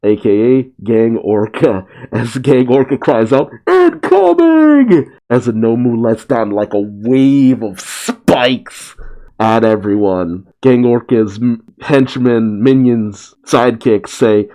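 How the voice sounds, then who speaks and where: Man, manga reaction host, mellow, dry asides while reading. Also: mid-range voice, steady tone, measured pace, poor audio.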